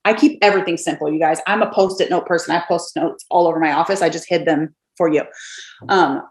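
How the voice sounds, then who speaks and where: A woman's voice: on the low side, steady tone, fast, echoey room. A woman in her thirties coaching her sales team in a casual, upbeat way, acting out sample messages from her home office. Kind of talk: casual coaching talk to camera.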